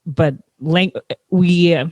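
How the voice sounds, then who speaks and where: A speaker in a casual conversation, talking in a thoughtful, measured way that restarts phrases to find the words. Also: medium pitch, a little mellow, no room sound, lo-fi sound.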